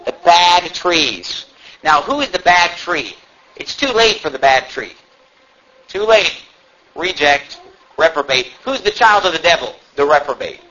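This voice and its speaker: A man preaching a fervent sermon, swinging from loud cries to low, emphatic asides. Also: sing-song, unhurried, lo-fi sound.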